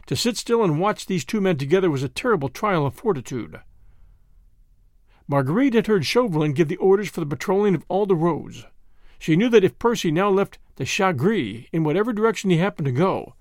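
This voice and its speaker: A man with a high, animated voice reads a classic novel aloud as an audiobook, in measured, expressive storytelling. The recording is dry and close, with no room sound. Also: dry recording. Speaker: host and narrator. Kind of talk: scripted audiobook narration.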